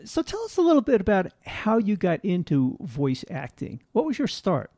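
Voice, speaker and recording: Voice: mid-range voice, wildly swooping pitch, normal speed, warm tone, dry recording, studio quality. A co-host asking questions in a friendly, casual way.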